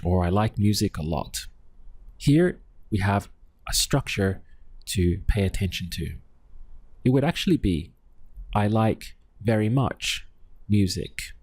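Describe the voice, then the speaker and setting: A man teaching a language lesson, patiently quizzing the listener and saying each word slowly for them to repeat. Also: fairly low pitch, animated, a little mellow, no echo. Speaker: Spanish teacher. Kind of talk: slow, deliberate language lesson.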